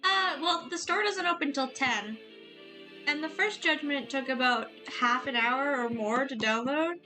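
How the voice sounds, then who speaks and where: A woman game streamer chatting casually and excitedly, giggling and swearing now and then. Her voice sits a little high, with game music running clearly underneath. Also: a little slow.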